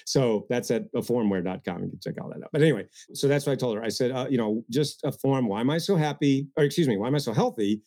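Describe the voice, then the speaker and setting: A man speaking as a guest coach in an interview, energetic and getting worked up, with mocking asides. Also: mid-range voice, fast talker, hardly any pauses. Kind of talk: animated interview talk.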